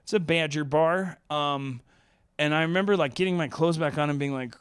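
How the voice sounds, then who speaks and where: A man's voice: on the high side, moderate pace, clear, resonant tone, no room sound, clean studio sound. A young man casually telling a long personal story as a podcast host, rambling with lots of fillers and laughing as he goes.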